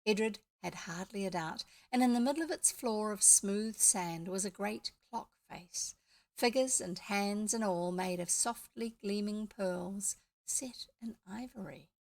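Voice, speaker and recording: A woman's voice: mid-range voice, unhurried. A woman with a New Zealand accent reading a classic children's book aloud, with chatty asides. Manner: lively storytelling with chatty asides. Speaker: audiobook reader.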